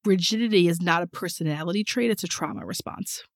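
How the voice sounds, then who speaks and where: A woman co-hosting a casual podcast chat, speaking emphatically and slowing down to stress her points. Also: fairly low pitch, vocal fry, dry recording, studio quality. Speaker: podcast co-host, therapist.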